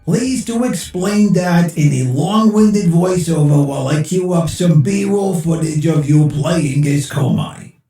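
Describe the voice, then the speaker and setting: A man voicing a sarcastic male AI sidekick who heckles in casual slang, with a gravelly voice. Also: a little high, lively intonation, unhurried, warm tone, soft background music. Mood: snarky. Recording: very echoey room.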